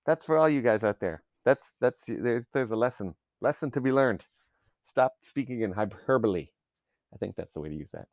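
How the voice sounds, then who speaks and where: A man's voice: fairly low pitch, animated, brisk, mellow, dry recording. A man talking in a casual solo rant, profane, sarcastic and rambling as he goes.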